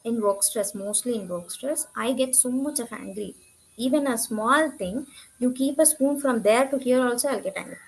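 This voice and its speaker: High-voiced woman. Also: normal speed, gravelly, poor audio. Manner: earnest, candid, self-reflective. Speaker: program participant giving a testimonial. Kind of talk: conversational testimonial.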